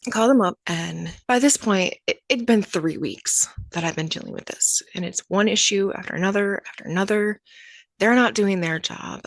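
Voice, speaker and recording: On her podcast, a young adult woman tells a personal story in a candid, chatty way, slipping into the voices of the people involved and acting out their exchanges. Her slightly low voice has lively intonation and a moderate pace. The recording is dry and close, with no room sound.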